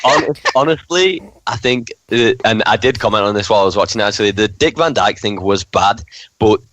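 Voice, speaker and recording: A man's voice: on the low side, expressive, brisk, a bit bright, a little hiss or hum, low-quality recording. A man talking as a guest on a movie podcast, blunt and swearing for emphasis. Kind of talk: casual chat.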